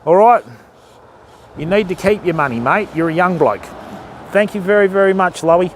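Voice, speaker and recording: A man's voice: high voice, normal speed, slight background noise. An Australian man live-streaming his fishing on a phone, chatting in a matey, easygoing way and greeting viewers by name. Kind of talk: casual live-stream chat.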